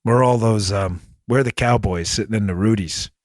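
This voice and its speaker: Male podcast host, impassioned and indignant, low voice, dead-dry booth sound. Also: moderate pace, dry recording. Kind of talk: political commentary monologue.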